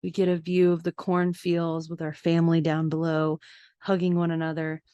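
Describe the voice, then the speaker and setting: A woman's voice: low voice, monotone, moderate pace, warm tone, clear, resonant tone, no room sound, dull audio. A woman hosting a casual podcast, narrating film scenes in detail with chatty asides. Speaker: podcast host.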